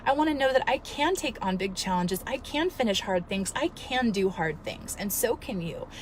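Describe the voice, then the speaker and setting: A woman in her thirties, a fitness coach, telling a story in an earnest, emotional, animated way and giving motivational advice. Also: mid-range voice, moderate pace, a little hiss or hum. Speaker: fitness coach and studio owner. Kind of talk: casual motivational vlog.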